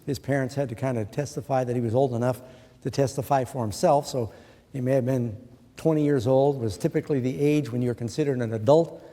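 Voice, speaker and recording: Middle-aged male preacher, earnest and questioning, mellow voice, long hall echo. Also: mid-range voice, steady tone, a little fast. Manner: earnest, asks the listeners questions. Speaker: pastor. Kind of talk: sermon.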